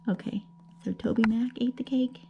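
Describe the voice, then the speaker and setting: A woman teaching young children a grammar lesson, gentle and patient, checking often that they follow. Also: on the high side, vocal fry, highs cut off, noisy background. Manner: gentle, patient, explaining slowly with many checks like okay. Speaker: elementary school teacher.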